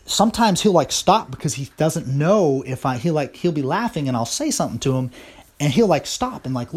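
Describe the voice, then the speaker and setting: A man's voice: mid-range voice, slightly rough. An American man in a casual monologue to camera, talking through his opinions in a rambling, opinionated way. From United States. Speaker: vlogger.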